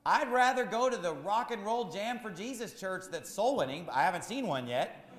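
A man's voice: high-pitched, animated, moderate pace, roomy sound, long reverb tail. A man preaching a sermon as pastor, firing rhetorical questions in a repetitive, emphatic cadence.

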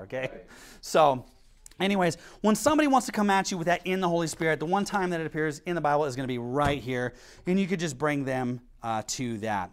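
A man's voice: fairly high pitch, fast talker. A man preaching a sermon as pastor, telling stories animatedly and reading scripture aloud. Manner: animated storytelling, acts out quotes, reads scripture.

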